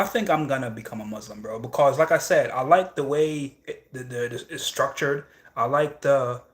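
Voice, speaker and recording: Casting: young male streamer, loose and repetitive, mid-range voice, chatty. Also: mid-range voice. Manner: rambling, repeats phrases, frequent "you know what I'm saying". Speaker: livestream host reading chat. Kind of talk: casual livestream chat.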